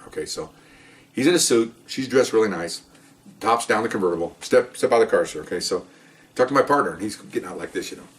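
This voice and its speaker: An older man in his sixties spins a story at a rapid clip, acting out sounds and voices as he goes. He leans on "okay" and "you know" between beats. His voice sits a little back from the microphone. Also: on the low side. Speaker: retired police officer. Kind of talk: casual storytelling. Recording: voice a bit far from the mic.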